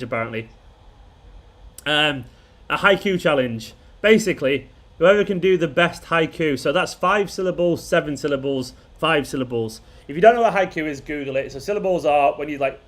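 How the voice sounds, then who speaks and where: A man with a fairly high, slightly bright voice speaks at a moderate pace while hosting a casual football watchalong stream for his fan channel. He rambles and chuckles as he goes, frequently restarting sentences.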